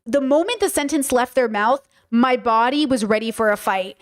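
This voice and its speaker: A woman's voice: fairly high pitch, moderate pace. A woman hosting a podcast, talking casually and frankly as she answers chat questions, checking in with listeners as she goes. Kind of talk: casual livestream talk.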